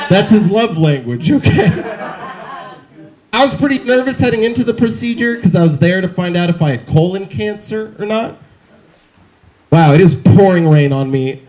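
A man's voice: high voice, animated, normal speed, a little mellow. A man in his twenties doing a stand-up set outdoors in the rain on a handheld mic, with wry, self-mocking punchlines. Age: 20s. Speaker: stand-up comedian. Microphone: handheld stage mic.

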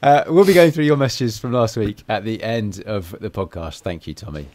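A man's voice: on the low side, normal speed, a little mellow. A man hosting a podcast in casual, chatty talk, self-deprecating and full of ums and restarts. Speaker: podcast host.

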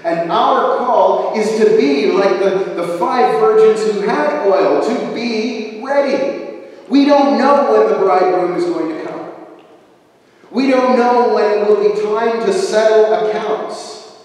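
Male minister, sermon, high voice, dramatic storyteller, echoey church sanctuary heard from far off. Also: takes it slowly, a little mellow.

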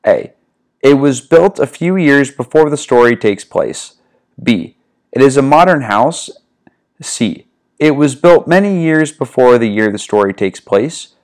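A man's voice: mid-range voice, lively intonation, measured pace, darkish tone. A man from the American Northeast, a test-prep tutor, casually walking through reading questions step by step, recorded at home on a desk microphone. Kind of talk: explaining a reading practice test.

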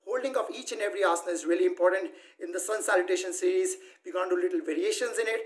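A man's voice: high-pitched, rapid-fire. A man leading a yoga class, calling out poses and counting holds in a firm, coaching way. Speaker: yoga instructor. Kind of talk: live yoga class instruction. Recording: roomy echo, voice from far off.

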